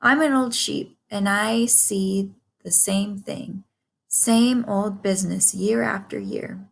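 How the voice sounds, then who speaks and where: A woman's voice: medium pitch, fairly even intonation, takes it slowly, vocal fry. A woman voicing a blunt, gossipy old female sheep while reading a storybook aloud. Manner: blunt, matter-of-fact.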